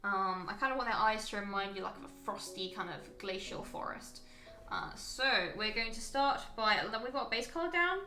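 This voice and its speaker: A woman's voice: medium pitch, normal speed, roomy sound. A woman chatting casually and thinking aloud as she walks viewers through a live painting stream. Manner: chatty, thinking aloud while working, frequent ums.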